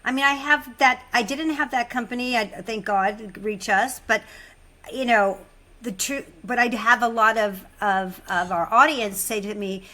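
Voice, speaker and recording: A woman hosting a care podcast, talking in an animated, emphatic way and restarting her sentences often. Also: fairly high pitch, moderate pace. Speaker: podcast host. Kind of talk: conversational interview.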